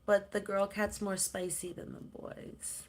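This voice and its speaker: A middle-aged woman from Canada, chatting casually on a livestream and cooing softly to her cats. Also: medium pitch, flat delivery, unhurried. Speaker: livestream host.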